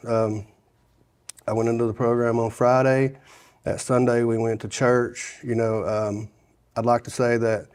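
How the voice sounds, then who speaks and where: With a medium-pitched, darkish voice, a middle-aged guest from Sevier County, Tennessee, tells his life story as testimony. It's a casual interview, and he rambles, restarts often, and says "you know" many times.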